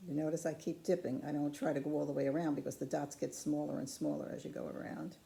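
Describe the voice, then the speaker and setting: A woman's voice: deep voice, fast, gravelly. A woman patiently demonstrating ceramic painting step by step, chatting to the camera as she works. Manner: calm, patient, chatty instruction. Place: craft studio.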